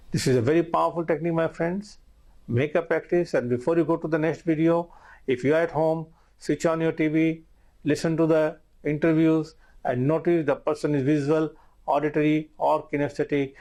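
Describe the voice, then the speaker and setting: A male course instructor talks listeners through a recorded lesson in a gravelly, low-textured voice. His tone is dark and mellow, and he speaks earnestly, repeating key points and addressing the audience as friends.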